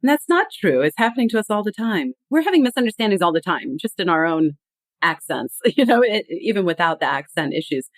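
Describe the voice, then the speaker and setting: A woman's voice: mid-range voice, very animated, brisk, dry recording. A woman guest in a podcast interview, explaining earnestly and acting out quoted phrases.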